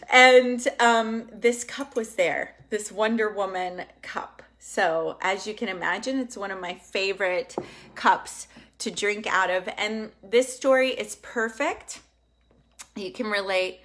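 A young woman hosting an online manifesting workshop, talking in an emphatic, excitable and casual way, swearing now and then. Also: mid-range voice. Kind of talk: live online workshop teaching.

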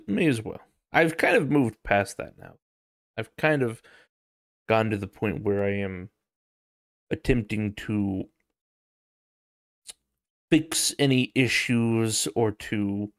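A man's voice: lowish voice, clean tone, no room sound, clean studio sound. A man hosting a casual solo podcast, rambling, swearing freely and laughing often. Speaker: podcast host.

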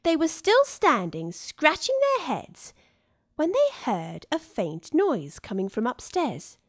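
A woman reading a children's story aloud, expressive and unhurried. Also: fairly high pitch, slightly rough, no echo. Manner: slow, lively, expressive. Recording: dry studio with soft music.

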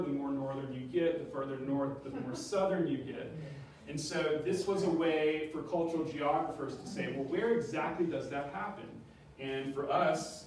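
A man delivers a museum lecture, posing questions and then answering them himself. His voice sits a little higher than most men's. It is recorded from a distance in a strongly echoing room, with a faint hiss underneath. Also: a little mellow. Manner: explanatory, asks and answers his own questions. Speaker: history professor giving a public talk. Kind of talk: lecture with slides. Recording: very echoey room, distant mic, faint noise.

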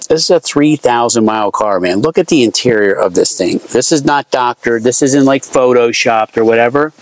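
A man's voice: mid-range voice, moderate pace. An enthusiastic man giving a casual, chatty sales walkaround of a car in a showroom, with lots of fillers.

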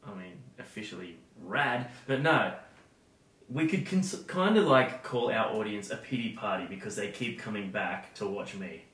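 Give me a jokey Australian man co-hosting a reaction show, with a bright, lively voice, recorded in a roomy space. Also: lowish voice, normal speed. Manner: jokey and animated. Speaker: co-host of a music reaction show. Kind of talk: casual reaction chat. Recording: roomy sound, mic at a distance.

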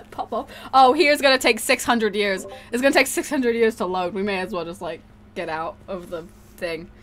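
A woman's voice: mid-range voice, normal speed, fairly bright tone, slight background noise. A woman hosting a gaming stream, giggling, swearing freely and thanking viewers as she plays. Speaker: streamer host. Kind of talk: casual gaming stream chat.

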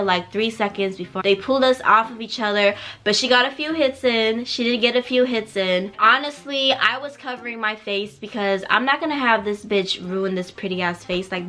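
A young woman vlogger in her twenties telling a casual story at home, blunt and animated, full of slang and swearing, keeping her voice down at night. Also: on the high side. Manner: drops to a quieter voice so neighbors won't hear.

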